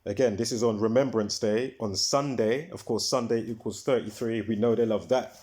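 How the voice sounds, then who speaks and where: A man's voice: fairly low pitch, fairly even intonation, normal speed, darkish tone. A man hosting his own video, talking in a casual rambling monologue, full of fillers and repeats, who swears when heated. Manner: repetitive, filler-heavy, restarts often. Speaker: video host.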